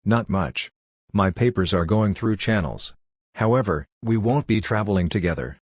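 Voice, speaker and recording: Low-voiced guy reading as a young doctor, brisk and clinical, explaining stuff matter-of-fact, dry close sound. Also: expressive, breathy edge, no room sound. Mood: lecturing.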